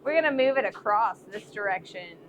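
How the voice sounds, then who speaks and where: A woman's voice: medium pitch, lively intonation, a little fast, a bit bright, a little hiss or hum, low-quality recording. A woman with a Midwestern accent chatting casually with her live-stream viewers from her forge, laughing often and poking fun at herself. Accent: American Midwest. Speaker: blacksmith streamer. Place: forge workshop.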